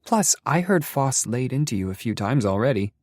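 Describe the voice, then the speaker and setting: Deep-voiced man doing a gentle woman friend, softly spoken, teasing, audiobook, raised voice. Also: very animated, moderate pace, no echo, clean studio sound. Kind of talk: audiobook narration.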